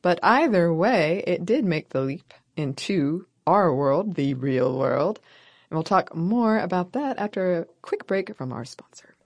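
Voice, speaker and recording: A woman's voice: on the low side, lively intonation, a little slow. A woman co-hosting a podcast who reacts with short, wry quips and questions. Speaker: podcast co-host. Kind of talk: casual chat.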